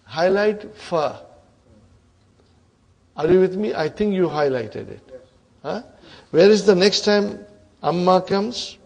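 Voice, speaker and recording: Man, classroom teacher, husky voice, slightly high, quizzing style, repeats answers. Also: expressive, slow, long pauses, darkish tone. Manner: quizzes students, frequent "huh?" prompts, repeats answers. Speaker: Arabic teacher. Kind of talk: classroom grammar lesson.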